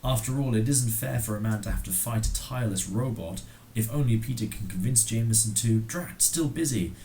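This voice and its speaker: A man's voice: on the low side, fairly quick, warm tone, a little hiss or hum, voice pushed up, natural voice, low-quality recording. A man voicing a plucky, eager young female secretary from a comic, in a girlish voice. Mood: fretful.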